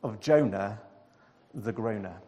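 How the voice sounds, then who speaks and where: A man telling a storybook tale in a sing-song way, repeating phrases with dramatic pauses. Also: fairly low pitch, animated, warm tone, long reverb tail, lo-fi sound. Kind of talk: expressive storybook narration.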